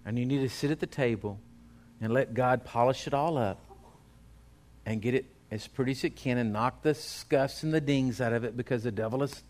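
A man's voice: medium pitch, darkish tone. A male pastor, preaching a sermon in a folksy, exhorting way.

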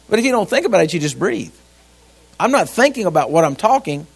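A man's voice: high voice, very animated, fast, vocal fry. A middle-aged man preaching a sermon in a folksy, conversational way, throwing rhetorical questions at his congregation. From grew up on a ranch.

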